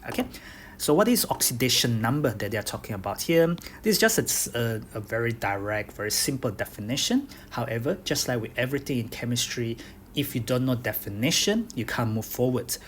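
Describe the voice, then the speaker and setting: A man's voice: mid-range voice, animated, a little fast, slight background noise. A man, a chemistry tutor, lecturing over slides, explaining step by step and checking in with "okay?" after each point. He has a Bruneian accent. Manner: explains step by step, repeats key points, says "okay?" often.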